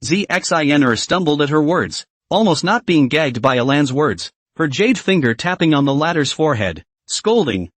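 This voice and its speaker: A man narrating a fantasy comic recap in a lively, dramatic storytelling manner. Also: fairly high pitch, normal speed, few pauses, dry recording.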